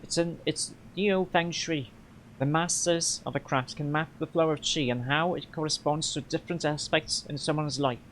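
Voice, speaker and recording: A man's voice: fairly high pitch, steady tone, normal speed, a bit bright, slight background noise, natural voice, rough recording. A man with a Polish accent voicing a small, blunt female orc companion in a video game. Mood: offhand.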